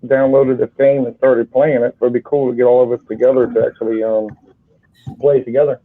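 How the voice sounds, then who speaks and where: A man in casual chat, speaking in a measured way and often restarting his phrases. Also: mid-range voice, flat delivery. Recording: tinny voice-chat line.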